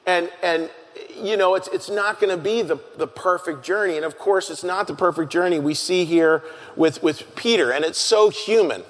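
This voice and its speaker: Earnest male pastor preaching in a hall. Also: sits high. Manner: earnest, halting, repeats key phrases. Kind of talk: sermon. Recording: long hall reverb.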